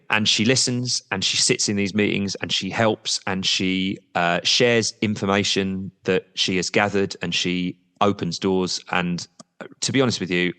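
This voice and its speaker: A man's voice: low voice, pushed and bright, long reverb tail. A man representing a football supporters' trust as a podcast guest, talking candidly and at length, with the odd blunt swear word.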